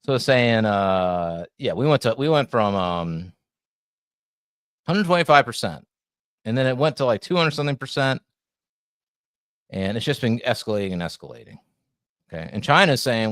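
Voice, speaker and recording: A man's voice: medium pitch, expressive, normal speed, pauses often, a bit bright, clean tone, dry recording, clean studio sound. A man co-hosting a podcast in casual chat, rambling and joking, often restarting his sentences. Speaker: podcast co-host.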